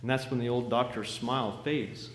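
A man preaching a sermon, telling a vivid story with dramatic swings from loud to hushed. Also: mid-range voice, fairly even intonation, normal speed. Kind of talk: sermon illustration. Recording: echoey hall with faint noise.

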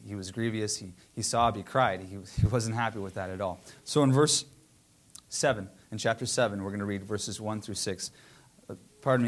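A man reading scripture aloud and then retelling it casually as a preacher, with frequent fillers and restarts. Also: lowish voice.

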